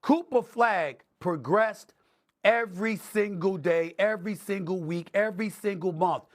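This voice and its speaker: Emphatic high-pitched male sports host. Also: unhurried. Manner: emphatic, animated, building lists for effect. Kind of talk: sports debate commentary.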